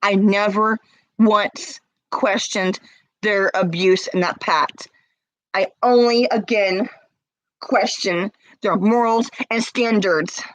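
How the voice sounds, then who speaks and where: A woman's voice: mid-range voice, fairly even intonation, takes it slowly, dry recording, poor audio. A woman crying as she talks to camera, confronting someone with repeated pointed questions in an emotional rant. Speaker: vlogger.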